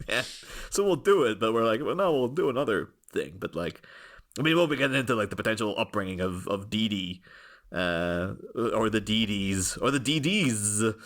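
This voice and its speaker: A man's voice: on the low side, moderate pace, a bit bright. An English man co-hosting a podcast, chatting casually and rambling with frequent chuckles and restarts. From England. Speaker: podcast co-host. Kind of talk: casual chat.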